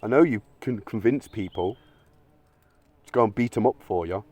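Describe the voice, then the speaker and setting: A man's voice: on the low side, normal speed, a little mellow, no room sound. A man ranting in a blunt, sweary, argumentative monologue, now and then mocking imagined critics in silly voices. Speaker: video essayist. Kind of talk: opinionated monologue.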